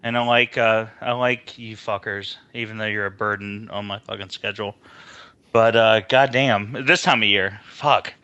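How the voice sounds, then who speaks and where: A man's voice: fairly low pitch, steady tone, normal speed, bright, forceful tone, clean tone, dry recording, dull audio. A man co-hosting a casual podcast, rambling and swearing with lots of fillers. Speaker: podcast co-host.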